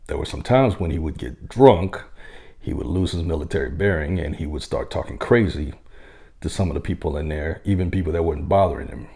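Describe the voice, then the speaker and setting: A man with a very low voice tells a story from his time among veterans. His tone is dark and gravelly, and his delivery is easygoing and conversational, broken by the odd chuckle. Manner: unhurried, conversational, with occasional chuckles. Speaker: military veteran telling a story. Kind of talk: casual spoken storytelling.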